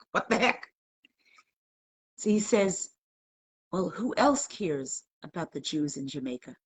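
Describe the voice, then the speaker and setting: A woman's voice: fairly low pitch, sing-song, takes it slowly, long pauses, husky. A middle-aged woman teaching a live online class, telling stories and emotionally pressing her viewers with questions. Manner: emotional, questioning the audience, storytelling.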